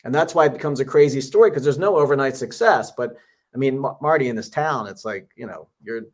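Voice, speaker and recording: A man's voice: mid-range voice, fast talker. A man hosting a podcast interview who draws out motivational lessons in an encouraging way. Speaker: podcast host. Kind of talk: interview conversation.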